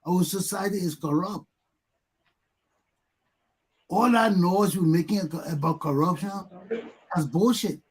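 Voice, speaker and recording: A man with a Liberian English accent hosting a talk show, ranting heatedly and mimicking people's repeated yelling. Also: high voice, measured pace, long pauses, slightly rough.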